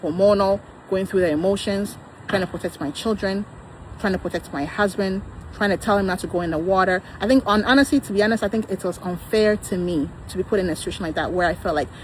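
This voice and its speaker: A woman's voice: mid-range voice, quick pace, a little hiss or hum, low-quality recording. A woman in her thirties talking in a personal vlog, insistent and defensive, repeating her points. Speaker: vlogger.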